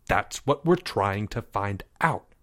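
A man's voice: fairly low pitch, expressive, slow pace, no echo, clean studio sound. A man reading a story aloud, voicing a bossy fifth-grade boy who snaps orders. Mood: snapping. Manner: snapping, stern, commanding.

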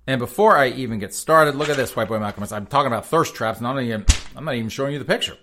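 A man's voice: mid-range voice, racing, bright, forceful tone, a little hiss or hum. A man hosting a sarcastic news commentary show, rambling and chuckling as he addresses his audience as folks. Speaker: host.

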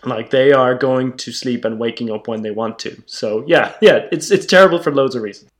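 A man in a relaxed group conversation, defending contrary opinions with a playful, teasing edge. His speech is loose and chatty, broken by laughter. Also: mid-range voice. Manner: playful, argumentative, quick to laugh. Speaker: podcast co-host. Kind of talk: casual panel chat.

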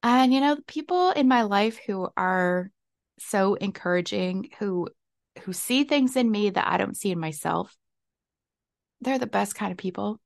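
A woman's voice: mid-range voice, lively intonation, measured pace, vocal fry, no echo, clean studio sound. A young woman hosting a solo podcast, talking candidly and reflectively, often laughing at herself. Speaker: podcast host. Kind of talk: casual solo podcast talk.

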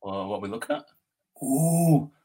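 A man's voice: medium pitch, expressive, normal speed, dark tone, breathy edge. A man co-hosting a casual chat, joking around and laughing a lot. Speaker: podcast co-host.

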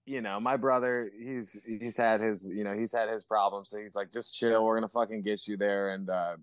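A man chatting loosely on a podcast as a guest musician, stringing his thoughts together with endless fillers and casual swearing. His voice sits low and sounds dry and close to the mic. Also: fairly even intonation, moderate pace, clean tone, dry recording. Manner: rambling, heavy swearing and fillers.

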